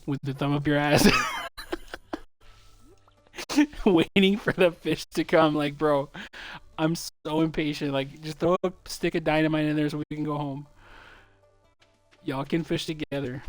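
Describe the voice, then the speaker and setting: Young male streamer, slightly high voice, dry close mic, swears freely in casual chat. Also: steady tone, measured pace, long pauses, no room sound, faint music behind. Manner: loose, profane storytelling.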